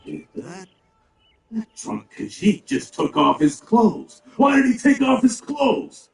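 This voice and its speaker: A big, gruff male orc in a video game. The voice is deeply gravelly and swings in pitch as he grumbles and quips sarcastically, with a roomy, distant sound over game music. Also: sing-song, slow pace, exaggerated voice.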